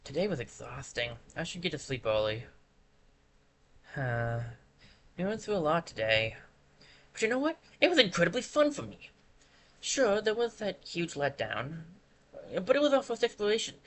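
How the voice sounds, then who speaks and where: A streamer voicing a shy, eager young penguin explorer while reading game dialogue aloud, with an earnest, soft manner. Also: mid-range voice, sing-song, brisk, a little hiss or hum. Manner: earnest, soft, a bit timid.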